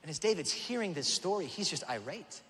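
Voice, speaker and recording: A male pastor preaching a sermon, telling the story in an animated way and acting out voices. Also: a little high, brisk, long reverb tail. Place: church auditorium.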